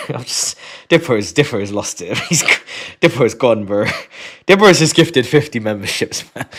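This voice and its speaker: A man's voice: on the high side, big pitch swings, measured pace, bright, forceful tone. A man hosting a live stream, chatting casually in slang, often laughing and sighing. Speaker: livestream host. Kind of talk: casual livestream chat. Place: his home.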